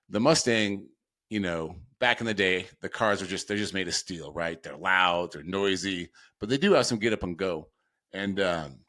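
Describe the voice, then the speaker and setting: Low-voiced middle-aged man telling a story. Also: fairly bright tone. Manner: rambling, laughs often, lots of fillers. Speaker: podcast host. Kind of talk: casual storytelling.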